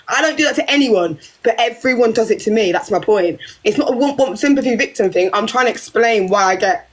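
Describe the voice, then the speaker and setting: Fast, heated British woman arguing passionately. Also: a little high, lively intonation. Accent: British English. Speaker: livestream guest. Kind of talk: heated livestream argument.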